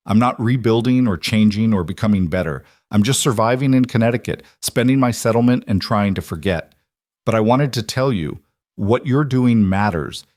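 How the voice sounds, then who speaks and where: A man's voice: lowish voice, no echo, clean studio sound, close to an everyday voice. A man voicing a regretful, reflective divorced woman reading out her letter. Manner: quiet, reflective.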